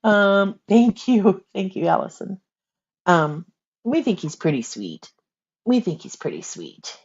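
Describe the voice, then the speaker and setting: A woman's voice: medium pitch, big pitch swings, slow, darkish tone, breathy edge, lo-fi sound. An older woman, an author hosting a casual livestream, chatting and laughing often while she coos at a baby.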